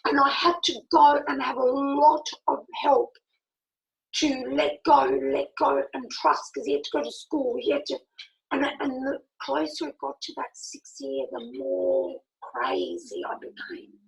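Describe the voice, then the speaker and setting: A middle-aged woman telling a personal story in a lively, animated way, acting out the dialogue as she goes. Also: high voice, a little slow, gravelly, poor audio. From Italy. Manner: animated, acts out quoted dialogue, laughs often. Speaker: speaker.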